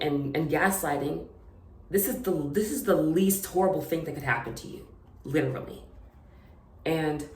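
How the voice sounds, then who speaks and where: A young woman telling a personal story in an unscripted vlog, halting, with many fillers and restarts. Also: low-pitched, a little mellow, roomy sound. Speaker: vlogger.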